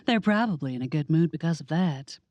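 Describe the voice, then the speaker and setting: A woman voicing a sarcastic young woman in an audiobook, with a dry, deadpan delivery. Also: low-pitched, brisk, no echo, muffled recording.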